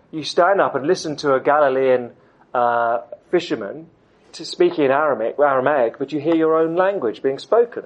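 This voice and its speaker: Man, middle-aged, preaching; emphatic, pauses for effect, mid-pitched. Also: lo-fi sound. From United Kingdom. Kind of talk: sermon.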